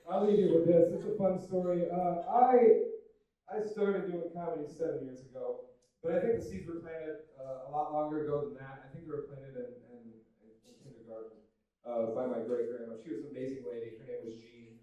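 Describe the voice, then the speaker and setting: Young male stand-up comic, deadpan, self-deprecating, slightly high voice, heavy room echo, off-mic distance. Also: fairly quick. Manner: deadpan, self-deprecating, loose with fillers and swearing. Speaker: stand-up comedian. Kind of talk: stand-up comedy set. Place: comedy club stage with audience laughter. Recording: very echoey room, from some distance. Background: audience laughter.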